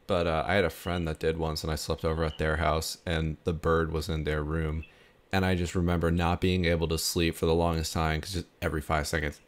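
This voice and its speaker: Deep-voiced man rambling and laughing. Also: flat delivery, brisk. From Arizona. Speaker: interviewer. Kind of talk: casual chat.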